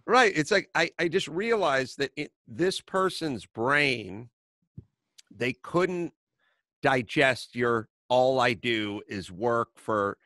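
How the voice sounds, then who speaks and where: A middle-aged man hosting a podcast, telling stories in a casual chat and ranting in quick bursts. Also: medium pitch, expressive, bright, forceful tone, no echo. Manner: storytelling, rants in quick bursts. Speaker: podcast host.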